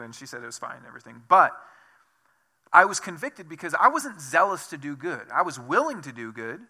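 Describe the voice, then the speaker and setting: A man's voice: mid-range voice, lively intonation, brisk, sharp tone. A male pastor preaching a sermon in a conversational, self-deprecating storytelling manner, asking his listeners many questions.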